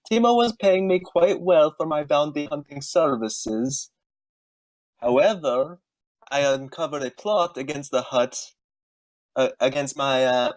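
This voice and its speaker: A man's voice: on the high side, no echo, poor audio. A man reading his character's backstory at a tabletop game over an online voice call, wry and breaking off for joking asides. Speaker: player.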